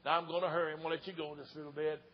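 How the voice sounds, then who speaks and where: An older man delivers an old-time revival sermon in a husky, raised voice. He tells folksy stories and breaks into fervent shouts. The recording is dull and lo-fi, with a long hall reverb behind him. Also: a little high, level tone, rapid-fire. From Tennessee. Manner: fervent preaching, shouting and hollering, folksy storytelling. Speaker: evangelist.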